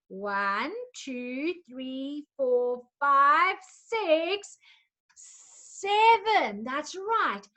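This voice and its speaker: Woman, teacher, high bright voice, very slow, sing-song, coaxing small children. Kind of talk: early-grade lesson for young children.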